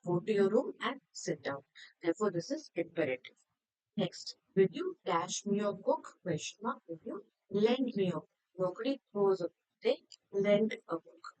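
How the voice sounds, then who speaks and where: A woman's voice: fairly low pitch, darkish tone, dry recording, poor audio. A woman teacher going through a grammar worksheet, explaining each answer step by step in a methodical way.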